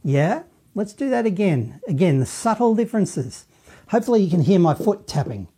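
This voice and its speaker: A man's voice: high-pitched, very animated, normal speed, mellow, husky, soft background music. A man with an Australian accent teaching saxophone, chatty and encouraging, with some self-deprecating humor. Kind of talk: play-along music lesson.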